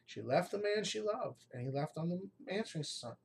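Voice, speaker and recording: A man's voice: sits high, lively intonation, normal speed, gravelly, breathy edge, poor audio. A man who runs a game master channel, speaking in an emotional, heartfelt vlog monologue to his viewers. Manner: emotional, heartfelt, addresses viewers as folks and guys. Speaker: game master giving tips.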